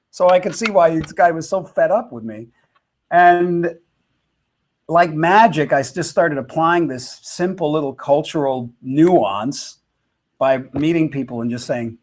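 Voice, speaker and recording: A man's voice: a little high, lively intonation, moderate pace, a little mellow. A man in his fifties, a touring musician telling a reflective story with many fillers and restarts. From United States.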